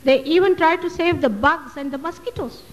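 A woman's voice: sits high, moderate pace, long reverb tail, low-quality recording. A woman, a spiritual teacher answering audience questions at a public talk, emphatic and full of rhetorical questions. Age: 60s. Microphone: loudspeaker microphone.

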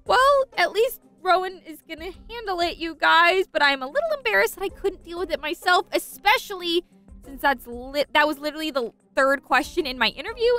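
An excitable young woman narrates a game role-play and chats straight to her viewers. Her voice is very high, bright and full of lively swings. Soft music plays underneath. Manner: excitable, chatty, addresses viewers. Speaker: gaming channel host.

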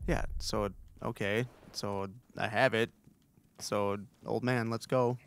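A man's voice: lowish voice, fairly even intonation, takes it slowly, a bit bright, clean tone. A young man playing a video game, reacting and swearing as he goes. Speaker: gamer playing on a show. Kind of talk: casual gaming commentary.

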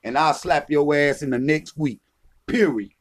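A man's voice: fairly high pitch, fairly even intonation, normal speed. A man delivering a heated, profane, taunting rant as a vlogger. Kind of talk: confrontational rant.

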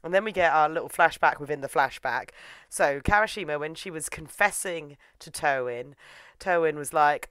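A woman's voice: low-pitched, moderate pace, a bit bright, clear, resonant tone, no room sound. A young woman reviewing an anime in a chatty, irreverent recap full of fillers. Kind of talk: casual recap vlog.

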